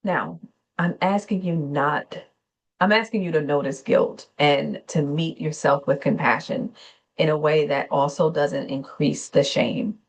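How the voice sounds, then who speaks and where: A woman therapist with a low, gravelly voice gives a gentle wellness talk with guided breathing. She speaks slowly and soothingly. Her delivery is unscripted, and she corrects herself now and then. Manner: slow, soothing, unscripted with small self-corrections. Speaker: therapist and channel host.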